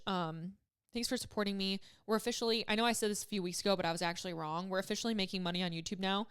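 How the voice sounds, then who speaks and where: A woman's voice: mid-range voice, fairly bright tone, clear, resonant tone. A woman in her twenties hosting a solo podcast, talking casually and emotionally, choked up and rambling with many fillers. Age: 20s. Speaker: podcast host.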